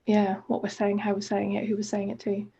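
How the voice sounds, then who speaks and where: Husky woman coach chatting on a podcast. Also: medium pitch, monotone, brisk, mellow. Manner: enthusiastic, rambling with "like" fillers. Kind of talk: casual reflective conversation.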